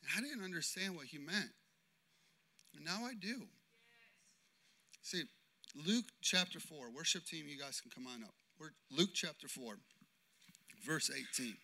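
A man preaching a sermon as pastor, impassioned and swinging between loud declarations and hushed storytelling. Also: on the high side, lively intonation, a little slow, creaky, pauses often.

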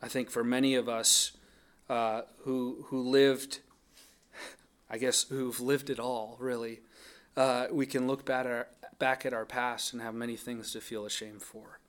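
A man delivers a sermon in an earnest, thoughtful manner. His voice sits at an ordinary middle pitch, and he often restarts his phrases as he reasons his way through the text. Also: flat delivery, unhurried, clear, resonant tone. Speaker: pastor. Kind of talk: sermon on a psalm.

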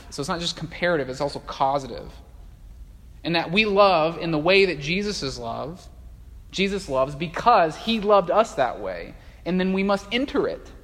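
Man, pastor, sermon, conversational, animated, fillers and restarts, long church reverb. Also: fairly high pitch.

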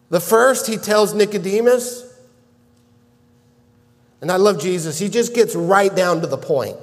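A man preaching a sermon, earnest and measured, building to emphatic shouts at key points. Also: high voice, long reverb tail. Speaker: pastor.

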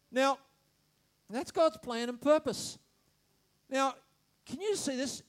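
A man preaching a sermon, animated, shouting some phrases and dropping to quiet asides, stammering when excited. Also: very high-pitched, takes it slowly, pauses often. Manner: animated, swings between loud shouts and quiet asides, laughs often.

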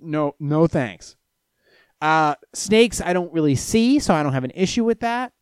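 A young man from Florida rambles through stories and chat questions, cursing freely. His pitch swings widely as he gets worked up, and the sound is dry and close with no room echo. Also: unhurried, smooth. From Florida, USA. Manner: profane, storytelling, lively swings in pitch and loudness. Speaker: streamer answering chat questions.

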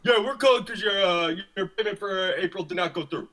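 Brief: man playing clipped, robotic gym rep, high bright voice, barks slogans like a drill sergeant. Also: fast talker. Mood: stiff salesy. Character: stiff robotic male gym rep, salesman. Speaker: gym caller.

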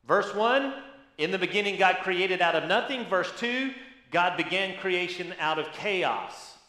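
Bright, high-voiced pastor preaching. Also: male voice, lively intonation, unhurried, reverberant. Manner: emphatic teaching, rhetorical questions. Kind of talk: sermon.

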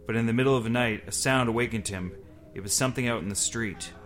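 A man's voice: medium pitch, fast, fairly bright tone. Man reading a spooky story to friends. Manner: reads aloud with asides and laughs. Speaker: podcast host. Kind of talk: casual storytelling among friends.

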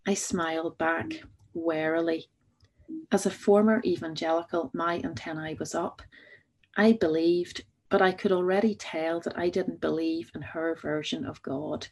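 A woman reads her first-person memoir with wry understatement. Her low, husky voice stays calm and conversational throughout. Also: unhurried. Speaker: memoir narrator. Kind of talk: first-person audiobook narration.

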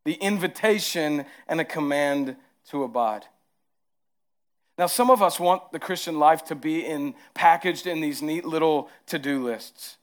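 A man with a Southern accent preaching a sermon as pastor, moving between hushed, tender lines and emphatic rises. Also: fairly high pitch, unhurried.

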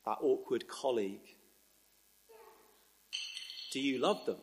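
A man preaching a sermon in an earnest, measured way, with emphatic rises. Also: medium pitch, animated.

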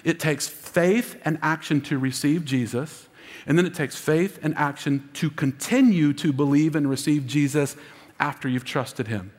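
Energetic man preaching in a hall. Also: a little high, measured pace. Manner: energetic, calls for congregation responses. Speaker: lead pastor. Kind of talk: sermon. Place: large church auditorium. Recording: long hall reverb.

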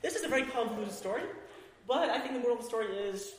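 A man's voice: very high voice, racing. A young man telling a rambling comic story to a live audience, laughing as he goes. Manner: rambling, animated, laughing as he talks. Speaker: performer. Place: coffee house event hall. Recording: echoey hall with faint noise.

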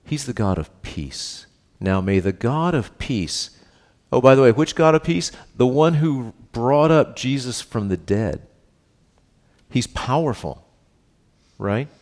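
This middle-aged pastor has a mid-range, slightly mellow voice. In his sermon he reads scripture and explains it casually, like a conversation, frequently using tag questions and self-deprecating humor.

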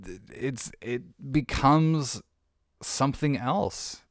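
A man hosting a podcast, chatting loosely and jokily and often restarting his sentences. His voice sits on the low side and sounds smooth and resonant. The studio recording is dry and close. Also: a bit bright, no echo. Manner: rambling, self-interrupting, jokey. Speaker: podcast host. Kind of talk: casual monologue.

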